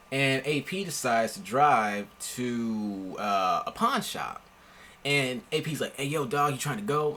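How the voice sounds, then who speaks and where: A young man tells a personal story in an easygoing, slang-heavy way, with a pitch that swings widely as he gets into it. His voice sits in a middle register, with a faint hum in the background. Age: young adult. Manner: animated, laid-back slangy delivery with asides. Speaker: storyteller vlogger. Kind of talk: casual storytelling.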